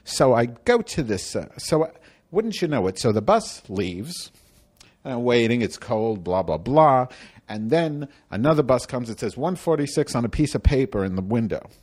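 A man's voice: mid-range voice, sing-song, moderate pace, a little mellow, husky. A man performing a comedic monologue as a cranky, indignant woman from Chicago, rambling and theatrical.

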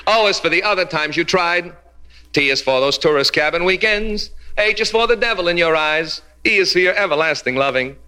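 A stand-up comedian with a sharp, high-pitched voice works a live club crowd, ribbing them in a brash way and delivering punchlines in Yiddish.

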